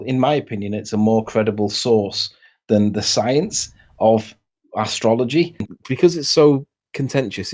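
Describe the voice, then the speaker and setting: A man answering interview questions in a self-assured manner, pausing with fillers. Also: lowish voice, a little mellow. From England.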